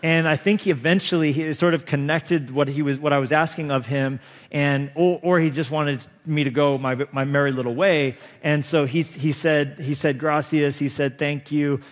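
Guy in his 30s preaching, funny self-deprecating stories, kinda high voice, long echo like a big church. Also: moderate pace. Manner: animated, self-deprecating, humorous storyteller. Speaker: pastor. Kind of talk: sermon with personal storytelling. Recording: long reverb of a large hall.

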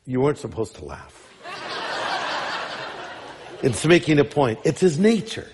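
A man's voice: mid-range voice, very animated, a little slow, pauses often, noisy background. A man preaching a sermon as pastor, emphatic and fond of rhetorical questions. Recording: long reverb in large hall.

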